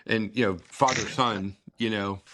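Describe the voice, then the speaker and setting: A middle-aged American father, founder of a scuba therapy organization, tells a long story as an interview guest, rambling with many fillers and acting out past dialogue. His voice is lowish and steady at a measured pace, with background noise present.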